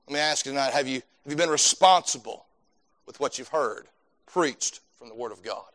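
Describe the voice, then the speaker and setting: A man's voice: medium pitch, moderate pace, fairly bright tone. A male preacher delivering a sermon with fervent, repetitive emphasis. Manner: fervent, repeats words while building points.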